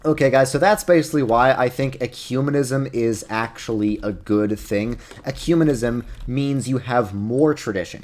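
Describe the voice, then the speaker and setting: A man's voice: medium pitch, darkish tone. A young man with a New York accent, hosting a casual video with rambling, self-deprecating commentary. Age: young adult. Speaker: YouTuber host. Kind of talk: casual commentary over gameplay.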